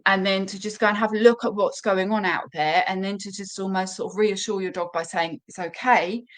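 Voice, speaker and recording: A woman's voice: fairly low pitch, a bit bright, rough recording. A woman dog trainer hosting a live question-and-answer stream, giving casual advice with many fillers and restarts.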